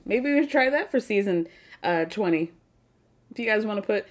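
Woman podcast host, slightly high voice, sarcastic, profane, casual recap. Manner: sarcastic, animated, swears freely.

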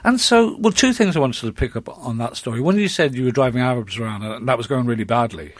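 Lively-voiced male interviewer. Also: mid-range voice, fast, no room sound. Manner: curious, asks short follow-up questions. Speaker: podcast host. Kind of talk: casual interview.

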